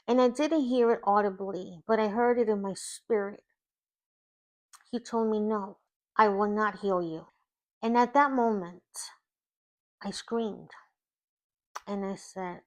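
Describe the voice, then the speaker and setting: Slow-spoken woman sharing a testimony. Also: mid-range voice, steady tone, darkish tone. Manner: slow, emotional storytelling with long pauses. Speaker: life coach. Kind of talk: personal faith testimony.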